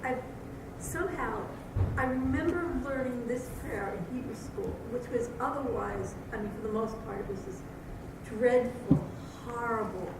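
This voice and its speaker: A woman's voice: fairly high pitch, normal speed. Woman speaking from far across an echoey room. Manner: animated storytelling. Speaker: class participant. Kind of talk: sharing a personal memory. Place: synagogue classroom. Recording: loud room noise, echoey, far from the mic.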